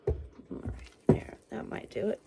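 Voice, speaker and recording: A woman casually talking viewers through a home cooking demo in her kitchen, chatty and a little out of breath. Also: measured pace. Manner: chatty, self-narrating, talks to viewers as guys. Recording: noisy home kitchen recording.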